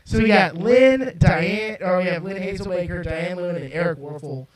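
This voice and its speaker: A man's voice: high-pitched, normal speed, far from the mic. A man co-hosting a podcast who hesitates and uses fillers before giving his football picks. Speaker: podcast co-host. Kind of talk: casual sports chat. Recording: roomy, from off-mic with crowd noise.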